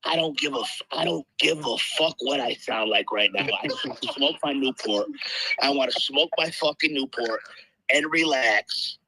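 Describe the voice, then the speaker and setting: A man's voice: mid-range voice, normal speed, bright, forceful tone, low-quality recording. A tired, half-asleep man who swears constantly and brashly hypes his crypto coin in a live audio chat. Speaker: crypto project promoter. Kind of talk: loud profane hype on a live audio room.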